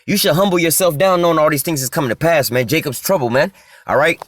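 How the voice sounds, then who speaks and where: A man preaching a profane street sermon, tacking "man" onto his phrases and slowing down to read scripture. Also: on the high side, a bit bright, dry recording. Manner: heavy cursing slang, ends phrases with "man"; reads scripture slowly, stalls on filler sounds.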